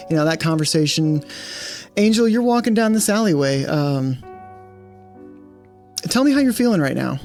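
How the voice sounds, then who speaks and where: A man's voice: a little high, lively intonation, moderate pace, long pauses, a little mellow, faint music behind. A man running a tabletop game as game master, rambling with many fillers and reading out prepared scene text.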